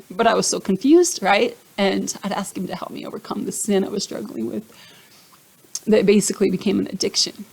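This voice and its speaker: A woman's voice: mid-range voice, normal speed, creaky, a little mellow, breathy edge, poor audio. A woman vlogger sharing her personal faith testimony, earnest and emotional, who keeps addressing her viewers directly with little check-ins. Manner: emotional, gets choked up.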